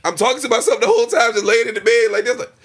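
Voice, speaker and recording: A young man in casual podcast chat, telling a story in an animated way and acting out his own reactions. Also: extremely high pitch, rapid-fire, husky.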